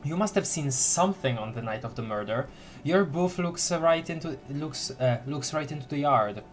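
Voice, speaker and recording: A man's voice: a little high, animated, moderate pace, soft background music. A man streaming a story game, reading dialogue aloud with lots of giggles and playful repeated words.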